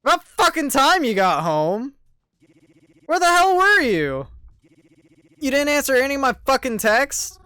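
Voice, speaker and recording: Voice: medium pitch, big pitch swings, moderate pace, no echo, voice pushed up, lightly acted. A voice actor doing a furious swearing young man. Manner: shouting, swearing, contemptuous. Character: angry foul-mouthed young man.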